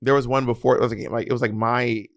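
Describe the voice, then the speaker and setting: A man's voice: mid-range voice, fairly even intonation, fast, a bit bright, no room sound, studio quality. A man co-hosting a podcast, chatting casually and teasing his co-host with jokes. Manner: teasing, joking, talks with hands. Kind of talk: casual chat.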